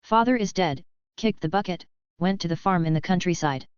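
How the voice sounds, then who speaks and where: A woman voicing a sardonic, weary male fallen angel leader in a dry, deadpan way. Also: lowish voice, fairly quick, smooth, no room sound, lightly acted. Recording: dull lo-fi audio.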